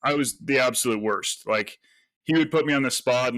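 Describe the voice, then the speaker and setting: A man, a real estate agent, telling stories as a podcast guest in a lively, casual way and acting out the lines he quotes. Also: medium pitch, brisk, no echo. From United States. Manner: animated storyteller, acts out quoted voices. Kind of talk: casual interview talk.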